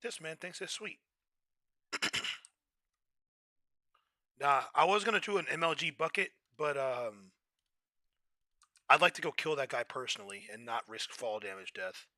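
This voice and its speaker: A young man chatting casually while he plays a game on stream, loud in his reactions and often clearing his throat. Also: medium pitch, unhurried, pauses often, dry recording, studio quality. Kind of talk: casual gameplay commentary.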